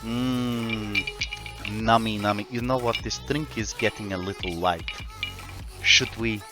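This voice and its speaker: A man's voice: on the low side, normal speed. A man streaming a game, chatting casually and jokingly with viewers, full of fillers. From Australia. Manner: rambling, filler-heavy, joking with chat. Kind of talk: casual live-stream chat. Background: faint background music.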